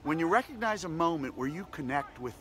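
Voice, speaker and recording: A man's voice: a little high, animated, fairly quick, fairly bright tone, slight background noise. A man hosting a daily positivity practice, giving an upbeat, repetitive motivational talk that keeps circling back to short slogans. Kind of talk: motivational self-help talk.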